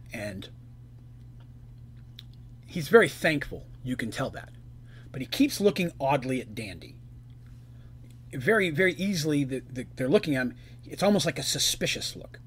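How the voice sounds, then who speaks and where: A man narrating as game master on a live stream, in a relaxed, rambling style. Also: mid-range voice, normal speed, long pauses, slight background noise.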